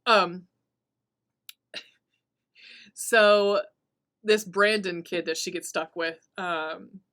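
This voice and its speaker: A podcast host with a fairly low voice recaps a horror movie very slowly and casually. Her storytelling is animated and profane, and she laughs often as she goes.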